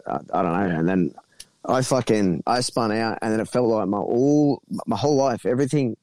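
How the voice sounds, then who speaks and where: A man's voice: fairly low pitch, normal speed, a little mellow, no echo. A man telling a rambling story in casual podcast chat, swearing freely as he goes. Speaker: guest.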